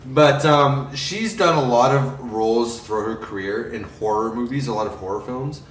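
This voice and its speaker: A man's voice: mid-range voice, moderate pace, reverberant, recorded from a distance, low-quality recording. A tipsy man chatting through a casual movie review, profane and giggly.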